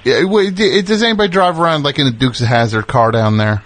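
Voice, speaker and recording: A man's voice: fast, a bit bright. A man hosting a call-in radio show who teases and interrupts his callers. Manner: teasing, interrupting, jumps high in pitch when joking.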